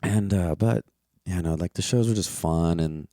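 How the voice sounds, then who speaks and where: Man, comedian, podcast host, deep low voice, casual profane rambling, dry close sound. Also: moderate pace, warm tone, dry recording. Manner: profane, loose, drifts into playful high-pitched outbursts.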